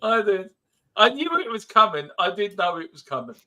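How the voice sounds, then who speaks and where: A man hosting a live football watch-along stream from home, giving joking, excitable match commentary between teasing banter and frequent laughs. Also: sits high, moderate pace. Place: home streaming setup with a TV behind him.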